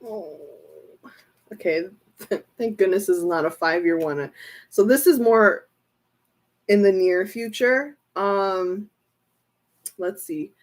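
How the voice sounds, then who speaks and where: Casting: young woman tarot reader, unhurried delivery, giggly and excitable, casual stream chat. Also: medium pitch. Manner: giggly, excitable, laughs often between phrases. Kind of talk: casual livestream tarot reading.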